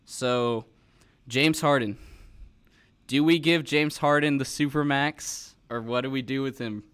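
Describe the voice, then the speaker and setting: A man's voice: mid-range voice, steady tone, a little slow, fairly bright tone, smooth. A man hosting a podcast, chatting casually and thinking aloud with fillers and restarts. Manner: conversational, with frequent fillers and restarts. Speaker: podcast host.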